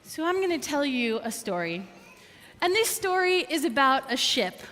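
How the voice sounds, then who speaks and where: A woman's voice: high voice, moderate pace, in a large hall. A woman telling a story from the pulpit during a service, acting out the characters' voices. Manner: animated storyteller, acts out quoted voices. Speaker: clergy member telling a story. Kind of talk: storytelling sermon. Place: synagogue sanctuary.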